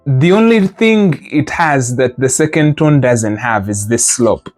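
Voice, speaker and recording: Faint music sits behind this Mandarin teacher's mid-range, darkish voice, which is lively in intonation yet a little slow. Leading a live group class, the teacher models sounds, patiently corrects students, and explains using playful imagery.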